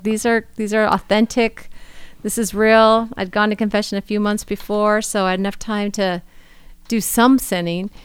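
A woman co-hosting a podcast, telling a story casually with frequent laughter and lively quoted dialogue. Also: mid-range voice, smooth, no echo. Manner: laughing often, animated retelling with quoted dialogue. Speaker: podcast co-host.

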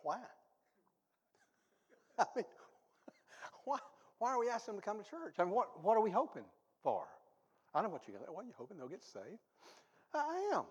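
A male pastor delivers a sermon with a lively, swooping delivery, his fairly high voice rising to loud exhortation and dropping to quiet asides. He mixes in self-deprecating humor. A long reverb from the church hall trails behind his words. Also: moderate pace, pauses often, breathy edge, dull audio. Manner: animated, swings from low asides to loud exhortation; self-deprecating humor, reads ads aloud for laughs. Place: church sanctuary.

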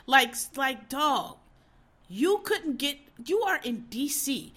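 A woman host ranting in a casual, profane, exasperated way, swinging between loud outbursts and low muttering. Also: sing-song, takes it slowly. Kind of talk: casual opinion rant.

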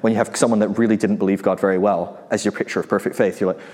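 A man's voice: fairly low pitch, steady tone, very fast, darkish tone. A man preaching in a casual, conversational way, full of rhetorical questions and light chuckles. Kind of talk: casual sermon. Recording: long hall reverb.

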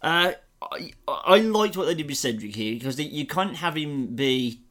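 A man's voice: on the high side, expressive, moderate pace, fairly bright tone. Jokey British man chatting about films. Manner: jokey, laughs often, puts on silly voices. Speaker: podcast co-host. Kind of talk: casual film review chat.

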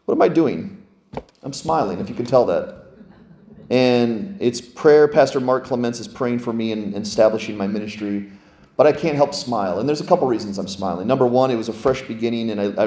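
A man, a lead pastor, preaching a lively, conversational sermon full of rhetorical questions. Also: fairly low pitch, echoey room, a little hiss or hum. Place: church sanctuary.

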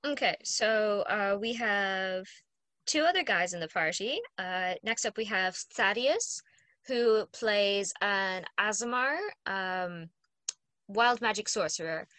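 A woman talking about the tabletop game she runs as game master, in a relaxed, rambling chat full of ums and asides. Her voice sits at a middle pitch, and the sound is dry and close with no room echo. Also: takes it slowly. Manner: chatty, explains at length with fillers. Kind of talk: casual chat.

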